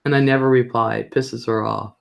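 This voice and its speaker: Soft background music plays as a middle-aged woman hosts a casual live stream, reading viewer comments and telling family stories, repeating herself for emphasis and mimicking voices. Her very deep voice has vocal fry, fairly even intonation and a slightly fast pace.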